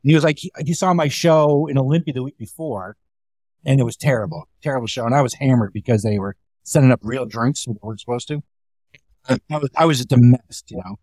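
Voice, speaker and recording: A man's voice: mid-range voice, fast, a little mellow, dry recording. A comedian telling casual, rambling club stories, acting out the quoted lines as he goes. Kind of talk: casual storytelling chat.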